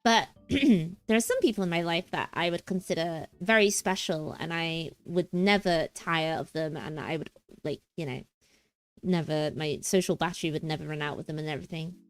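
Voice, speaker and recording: A woman's voice: low voice, normal speed, clear, resonant tone, no echo, faint music behind. A young woman streamer chatting casually and playfully, rambling and giggling between thoughts. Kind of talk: casual livestream chat.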